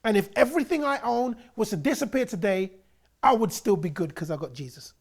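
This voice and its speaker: A man from England, high-voiced and fairly quick with a breathy edge, tells his personal faith story. He's lively and animated, acting out other people's quoted lines.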